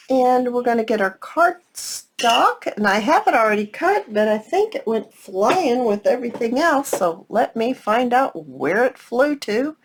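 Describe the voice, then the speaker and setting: A woman's voice: on the high side, background noise. A woman hosting a casual craft tutorial, chatting to her viewers as she works and teasing herself along the way. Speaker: crafting channel host.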